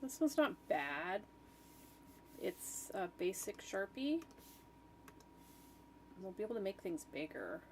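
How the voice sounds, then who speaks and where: A woman's voice: mid-range voice, very animated, takes it slowly, pauses often, a little hiss or hum. A woman chatting casually while she makes art, thinking aloud with trailing fillers and self-talk. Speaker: art streamer. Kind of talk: rambling casual chat while designing.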